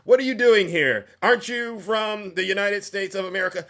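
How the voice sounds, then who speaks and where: A man's voice: high-pitched, normal speed, a bit bright, voice pushed up. Man putting on a curt, scheming foreign strongman.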